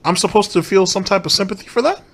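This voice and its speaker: Brief: male commentator, slightly higher voice, blunt and cursing, repeats for emphasis. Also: quick pace, creaky, fairly bright tone, husky. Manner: blunt, profane, emphatic repetition. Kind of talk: reaction commentary.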